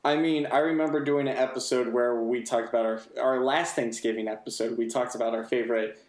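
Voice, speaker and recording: A man's voice: mid-range voice, steady tone, a little fast, a little mellow, roomy sound. A man co-hosting a casual podcast, joking and teasing with mock-serious asides. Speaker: podcast co-host. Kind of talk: casual chat.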